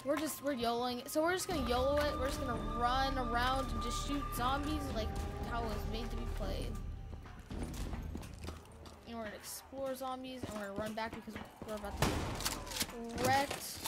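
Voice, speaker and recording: High-voiced excitable gaming commentator woman. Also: moderate pace, loud music behind the voice. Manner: rambling, excitable, many fillers like "you know". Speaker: gaming YouTuber. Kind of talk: casual let's play commentary. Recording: home recording with loud background noise.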